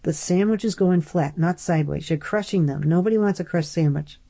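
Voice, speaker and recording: A woman's voice: lowish voice, brisk, gravelly, mellow, breathy edge. A woman reading aloud and voicing a fussy, blunt young man who corrects every detail.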